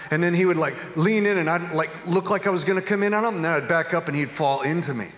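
Middle-aged pastor preaching in an echoey hall. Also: male voice, high voice, quick pace, background noise. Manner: animated, humorous storytelling building to earnest preaching. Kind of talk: sermon. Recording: echoey hall with long reverb.

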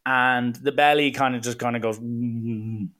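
A man's voice: medium pitch, normal speed. Man telling a rambling story. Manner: lively, animated, breaks into voices. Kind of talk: casual anecdote.

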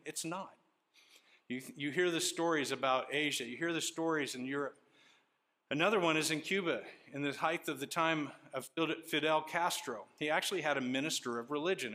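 Bright-voiced animated male preacher. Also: a little high. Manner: animated storytelling preacher, reads scripture aloud. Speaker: pastor. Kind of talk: sermon.

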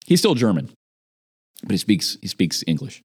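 A man in casual chat, telling an animated story about a job gone wrong. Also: fairly low pitch, normal speed, slightly rough. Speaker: podcast guest.

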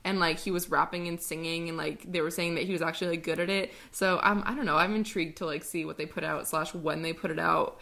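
A woman's voice: lowish voice, steady tone, quick pace, gravelly, hardly any pauses, sharp tone. A young woman co-hosting a casual podcast, rambling with lots of "like". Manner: rambling, heavy use of "like". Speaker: co-host.

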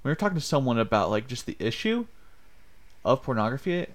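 A man's voice: medium pitch, sing-song, fairly quick. Earnest young man, casual podcast chat. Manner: earnest, rambling, acts out quoted lines. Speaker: podcast co-host.

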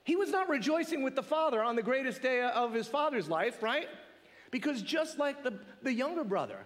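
A man preaching a sermon in an animated, conversational way, often asking rhetorical questions. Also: very high voice, normal speed, long reverb tail.

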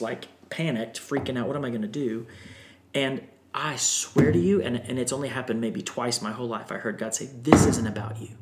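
Male storyteller, animated and emotional, podcast guest, mid pitch, echoey room. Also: a little hiss or hum. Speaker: guest singer. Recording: roomy echo.

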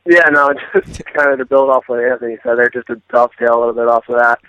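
A man's voice: mid-range voice, steady tone, fast talker, clear, resonant tone, no echo. Laid-back young man on dull lo-fi audio. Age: 20s. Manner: laid-back, hesitant, laughs things off. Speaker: college hockey player, senior. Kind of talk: casual interview chat.

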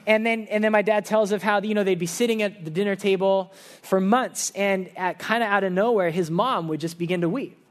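A pastor giving a conversational sermon in a church service, telling personal stories in an earnest way. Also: male voice, sits high, a little fast.

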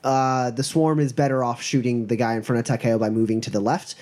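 A man narrating a tabletop role-playing session as game master, pitched in an ordinary middle range. He talks in a halting way, stopping often on filler sounds while he works out the scene. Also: flat delivery, a little mellow.

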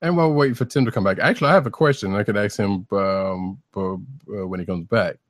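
Low-voiced, rambling male podcast co-host. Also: quick pace, no room sound, clean studio sound. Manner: rambling, hesitant, full of fillers. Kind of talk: casual chat.

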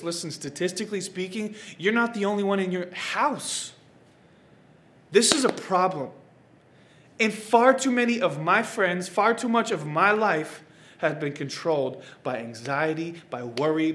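A young man preaching a sermon, telling a personal story with big swings from hushed to loud. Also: on the high side, slight background noise. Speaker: pastor. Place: church stage or studio, preaching to camera.

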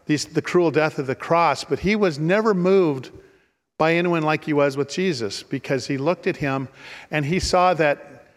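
A man's voice: on the high side, moderate pace. Earnest preacher man in a reverberant hall. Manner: repeats words and restarts, earnest storytelling. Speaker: pastor. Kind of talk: sermon.

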